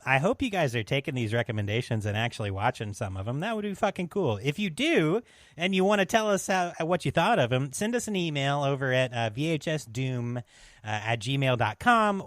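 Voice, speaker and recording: A man co-hosting a podcast in casual chat, loose and quick to laugh, swearing freely. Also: medium pitch, sing-song, no echo. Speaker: podcast co-host.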